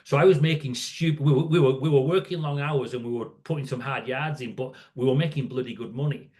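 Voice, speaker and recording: A man's voice: medium pitch, fast talker, a little mellow. A man in his sixties, a podcast guest, telling work stories in a rambling, casual way and often checking in with "right?". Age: 60s. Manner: rambling, restarts, frequent "right?" tags. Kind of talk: casual storytelling conversation.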